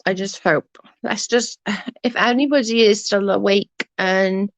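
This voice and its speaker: This livestream host is a woman from England with an English accent, chatting casually as she reads out comments and replies in a blunt, sweary way. She speaks unhurriedly at a medium pitch with fairly even intonation. There's no room sound, just dull, dry, lo-fi stream audio.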